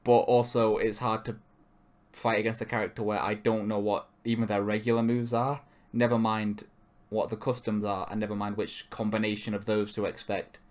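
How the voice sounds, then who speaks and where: A man's voice: fairly low pitch, flat delivery, moderate pace, a little mellow. A man co-hosting a podcast in casual chat, rambling and cutting himself off, with frequent swearing. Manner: rambling, self-interrupting, swears. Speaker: podcast co-host.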